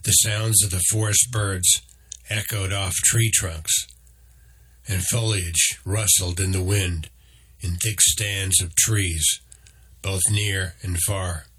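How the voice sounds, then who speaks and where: Male narrator, storybook reading, husky, low voice, slow pace. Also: fairly even intonation, fairly bright tone.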